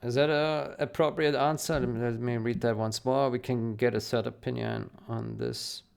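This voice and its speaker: A man thinking aloud as he types a reply to a code review on a programming stream, slow and hesitant, with many fillers and restarts. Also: mid-range voice, fairly even intonation, gravelly, a little mellow, smooth.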